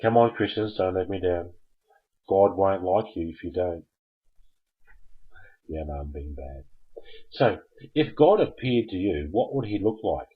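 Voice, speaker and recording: Husky, slow-talking Australian man hosting. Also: sits low, sing-song, highs cut off. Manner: joking, rambling, laughs at his own jokes. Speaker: host. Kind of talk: live call-in show chat.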